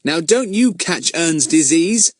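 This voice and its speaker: A man's voice: on the high side, animated, slow, no room sound, clean studio sound, voice pushed up. A man voicing a schoolboy with a wry, teasing way of talking.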